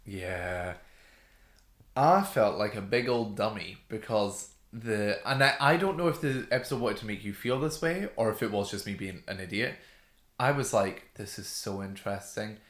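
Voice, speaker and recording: A man co-hosting a podcast, casually chatting about TV with quick replies and self-mocking remarks. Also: fairly low pitch, animated, fairly bright tone. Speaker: podcast co-host. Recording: roomy echo.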